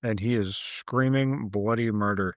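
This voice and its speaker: A podcast co-host with a lowish voice and measured pace casually recaps a movie's plot, acting out the characters' lines. The audio is clean studio sound with no room sound.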